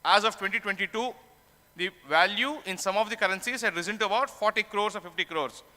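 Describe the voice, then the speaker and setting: A man's voice: high-pitched, quick pace, sharp tone, big-room sound. A man giving a conference lecture, explaining terms and posing questions to himself before answering them. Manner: explanatory, asks and answers his own questions. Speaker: tax conference speaker. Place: conference hall.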